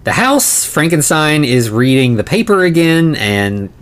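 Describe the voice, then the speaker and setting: A man's voice: a little high, big pitch swings, unhurried. Casual man retelling a film's plot. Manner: rambling plot retelling, full of "like" and "you know". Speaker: podcast co-host. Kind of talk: casual film recap chat.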